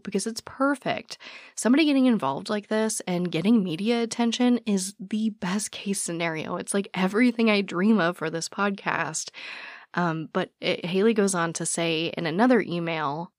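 A young woman hosting a podcast, talking casually and gushing warmly to her listeners. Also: medium pitch, moderate pace, no room sound, studio quality. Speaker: podcast host.

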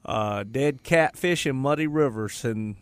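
A man's voice: medium pitch, unhurried, clear, resonant tone, no echo. A man with a Southern US accent co-hosting a radio show, telling rambling, joking stories in casual banter.

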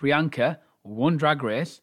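A man hosting a casual podcast chat, animated and swearing freely, laughing often. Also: fairly high pitch, slow.

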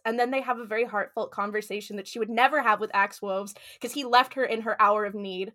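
A woman co-hosting a casual podcast, animated and laughing, acting out scenes in quoted voices. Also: medium pitch, quick pace, few pauses. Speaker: podcast co-host.

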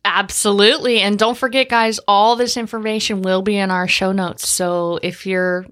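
A woman's voice: mid-range voice, fairly even intonation, moderate pace, a bit bright. A woman co-hosting a podcast, chatting casually and trading jokes. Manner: joking, wisecracking. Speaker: podcast co-host.

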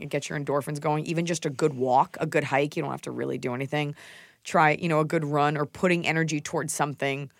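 A woman's voice: low-pitched, a bit bright, no echo, studio quality. A woman co-hosting a podcast, giving blunt, casual advice and teasing her co-host, swearing now and then.

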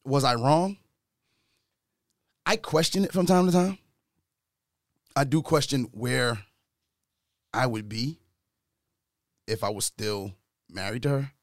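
A man talking earnestly from his own experience in a casual discussion, getting louder and higher when he retells an argument. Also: slow, long pauses, dry recording, studio quality. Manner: earnest, speaks from personal experience.

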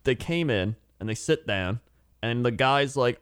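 A man's voice: mid-range voice, animated, unhurried, a bit bright, smooth, dry recording, clean studio sound. A man co-hosting a casual podcast chat, rambling through stories with lots of "like" and frequent laughter. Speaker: podcast co-host.

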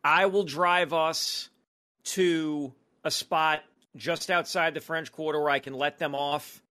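New dude on a podcast, kinda high bright voice, jokes about himself. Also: male voice, fairly even intonation, takes it slowly. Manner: self-mocking, wry storyteller. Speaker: podcast co-host. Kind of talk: casual chat.

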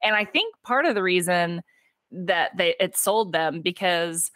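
Animated woman recapping a movie, dry close sound. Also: on the low side, no room sound. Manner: animated retelling with quick voiced quotes and laughs. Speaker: podcast co-host. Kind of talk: casual movie recap chat.

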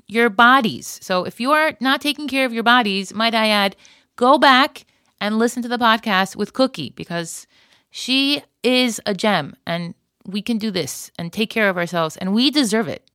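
Bright, crisp-voiced woman podcast host. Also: fairly high pitch, normal speed, no echo, studio quality. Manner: earnest, emotional retelling with Hebrew and Yiddish words. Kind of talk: storytelling podcast monologue.

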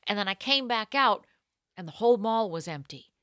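A woman co-hosting a podcast, telling a self-mocking story in a lively, casual way. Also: medium pitch, normal speed, dry recording, studio quality. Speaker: podcast co-host.

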